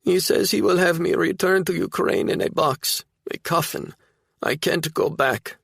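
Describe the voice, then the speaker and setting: A man's voice: fairly high pitch, measured pace, vocal fry, a bit bright, slightly rough, no echo, studio quality, pitched above the performer's own voice, heavily acted. A man voicing a frightened, battered young woman who pleads fearfully in an audiobook.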